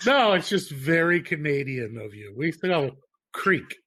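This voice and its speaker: A man co-hosting a podcast, telling rambling stories in a casual, profane, animated way. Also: fairly high pitch, brisk. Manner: animated, profane, laughing storyteller. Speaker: podcast co-host. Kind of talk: casual chat, storytelling.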